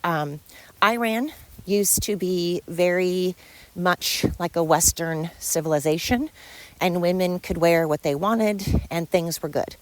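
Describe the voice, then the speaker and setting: A woman's voice: lowish voice, slow, dry recording. Heated, rambling woman podcaster. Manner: rambling and heated, stumbles over words. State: tired. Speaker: podcast host. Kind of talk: casual solo podcast monologue.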